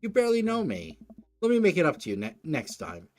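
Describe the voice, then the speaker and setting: A man voicing an upbeat, friendly suburban dad, raising his voice to a bright, chatty tone. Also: a little high, wildly swooping pitch, fairly quick, voice pushed up. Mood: cheery. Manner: cheery, chatty, bright-toned. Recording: faint game music behind.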